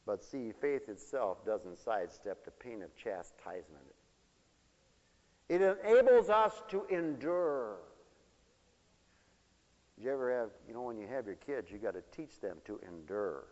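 A man preaching a sermon in a folksy storytelling way, dropping to low mutters and rising to loud high exclamations. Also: animated, fairly quick, hardly any pauses. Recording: dull lo-fi broadcast with long hall reverb.

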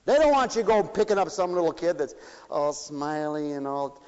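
A male preacher delivering an impassioned sermon, swinging between shouted appeals and quiet asides. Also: fairly high pitch, animated, moderate pace, clear, resonant tone. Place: church. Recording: dull recording in a reverberant church.

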